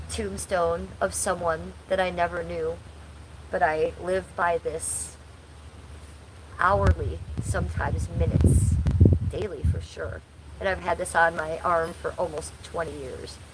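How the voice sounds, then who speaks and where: A woman's voice: lowish voice, steady tone, slow, noisy background. A woman in her forties hosting a casual livestream from home, chatting bluntly and crudely while reading chat aloud. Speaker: livestream host.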